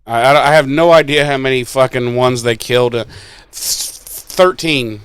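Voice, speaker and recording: His voice is medium in pitch, smooth and a little bright, moving at a moderate pace. As a podcast co-host recapping a show, he chats crudely and with exasperation, voicing the characters' quotes.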